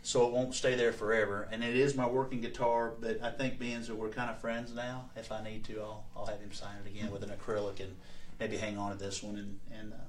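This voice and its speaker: A man, a country singer, chatting as a talk-show guest and telling stories in a folksy way with quick asides. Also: on the low side, flat delivery, reverberant, distant mic, a little hiss or hum. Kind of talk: casual talk-show chat.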